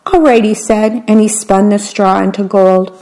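A woman reading a children's story aloud, gentle and unhurried, adding her own asides. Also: medium pitch, level tone, rough recording.

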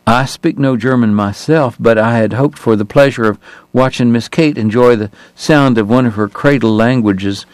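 A man voicing an exhausted, courtly Southern gentleman dentist, wheezy and formal with dry irony. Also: medium pitch, normal speed, no echo, natural voice. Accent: American Southern. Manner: formal, elaborate, softly ironic.

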